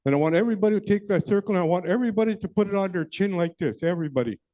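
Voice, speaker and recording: A man's voice: high-pitched, expressive, rapid-fire, mellow. A man playing a flirty, rambling joker who teases the crowd with live comedy, talking into a handheld mic. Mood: teasing. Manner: teasing, rambling, chatty, peppered with "eh". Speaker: stand-up comedy character entertaining a crowd. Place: large event hall. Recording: dull, muffled live-event recording.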